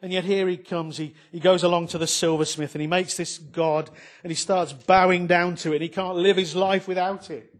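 A man's voice: high voice, fairly even intonation, normal speed, few pauses. A man preaching a sermon, conversational and emphatic, with frequent rhetorical questions.

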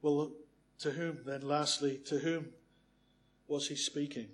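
Male preacher, high-pitched, earnest sermon delivery with rhetorical questions and hushed asides. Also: level tone, slow.

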